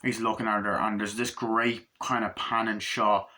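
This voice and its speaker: A man's voice: on the low side, level tone, normal speed, pushed and bright. Breathless man rambling through a movie review. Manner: rambling, profane, acts out scenes in loose paraphrase. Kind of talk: casual spoken movie review.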